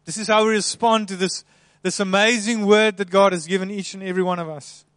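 A man preaching a sermon, swinging between soft, hushed passages and loud, emphatic ones. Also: high voice, fairly even intonation, fairly quick, clear, resonant tone, dry recording, clean studio sound.

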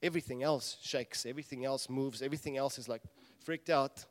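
A man preaching a sermon, telling the story animatedly and acting out voices with sudden loud bursts. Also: medium pitch, a little fast. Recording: long reverb of a large hall.

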